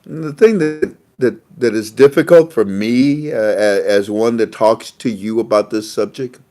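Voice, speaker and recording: A man's voice: lowish voice, unhurried, dark tone. A man hosting a casual monologue, rambling and repeating his phrases, with frequent laughter. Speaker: host.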